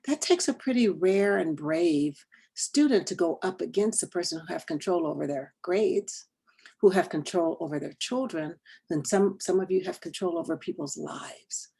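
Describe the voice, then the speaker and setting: A woman leads an online training session with a low, gravelly voice that is slightly husky. She speaks earnestly and deliberately, and often lets the end of a point sink into a soft near-whisper. The sound comes through a video call. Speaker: workshop trainer.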